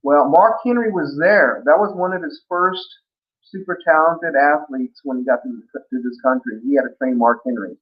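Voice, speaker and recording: A man's voice: on the high side, moderate pace. Rambling man on a muffled line. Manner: rambling, many restarts and fillers. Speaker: guest. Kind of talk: casual interview storytelling. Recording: muffled lo-fi audio.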